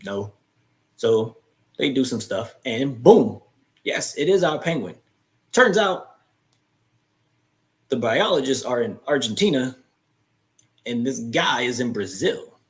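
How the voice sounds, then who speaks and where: A young adult man hosting a live chat, casually retelling a movie's plot and acting out its lines in quick quoted voices. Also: medium pitch, animated.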